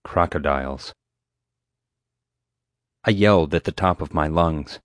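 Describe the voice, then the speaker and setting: A man reading an audiobook in the first person with steady, measured storytelling. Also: very deep voice, no echo, clean studio sound. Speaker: audiobook narrator. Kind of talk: scripted first-person narration.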